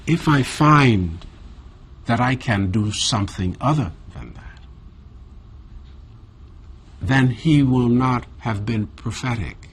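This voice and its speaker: A man from the Bahamas with a Caribbean accent, telling a reflective story in an interview in a measured, thoughtful way with drawn-out pauses. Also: medium pitch, expressive, slightly rough. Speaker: interview guest.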